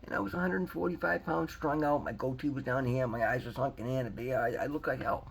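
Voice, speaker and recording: An earnest man in his fifties rambles warmly to camera, often restarting and repeating his words. His voice sits at an ordinary middle pitch, with faint noise behind it. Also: steady tone, brisk, gravelly, rough recording. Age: 50s. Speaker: recovery vlogger. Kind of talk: casual motivational talk to camera.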